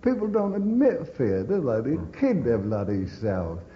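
A man's voice: medium pitch, big pitch swings, a little slow. An older man recounting his wartime experiences in an oral history interview, blunt and swearing constantly as he tells the story. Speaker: veteran interviewee. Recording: dull echoey recording in reverberant room.

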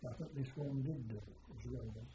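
An older man, a war veteran, slowly recounting his memories in a halting way with many pauses during an interview. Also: mid-range voice, warm tone, a little hiss or hum. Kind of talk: oral history recollection. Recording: echoey, dull archival interview tape.

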